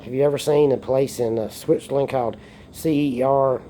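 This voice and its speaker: A man's voice: medium pitch, steady tone, moderate pace, dark tone, a little hiss or hum. A man, a bit tipsy from beer, rambling and joking through a casual monologue recorded on a phone and swearing often. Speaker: vlogger.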